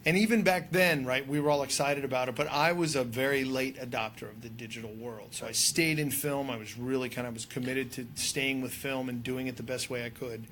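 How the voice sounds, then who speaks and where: A man's voice: mid-range voice, fairly even intonation, brisk, few pauses, a bit bright. A man, a filmmaker and drone pilot, chatting as a guest in an enthusiastic, rambling way. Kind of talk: casual podcast conversation.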